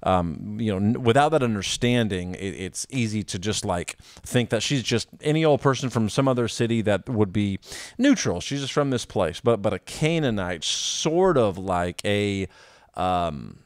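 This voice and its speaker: A man co-hosting a casual Bible discussion podcast, reading scripture aloud and then explaining it haltingly with many pauses and restarts. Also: lowish voice, expressive, no room sound, clean studio sound. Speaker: podcast co-host.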